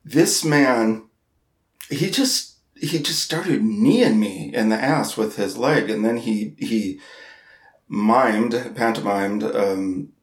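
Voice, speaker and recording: A man co-hosting a podcast, telling a story in casual chat, halting and repeating words, laughing at himself. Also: on the low side, reverberant. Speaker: podcast co-host.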